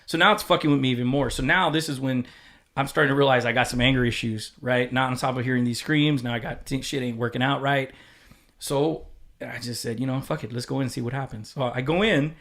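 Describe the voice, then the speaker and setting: A man's voice: mid-range voice, fast talker, fairly bright tone. A man with an ordinary mid-range voice tells a story in loose conversation. He swears freely and slips into the voices of the people he quotes. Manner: candid and profane, acting out quoted dialogue. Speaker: podcast guest. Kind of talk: casual storytelling chat.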